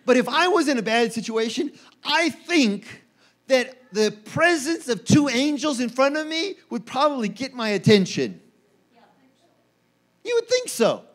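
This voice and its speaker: High-voiced animated male preacher. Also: measured pace. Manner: animated, acts out quoted voices with rising pitch. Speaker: pastor. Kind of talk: sermon. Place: church.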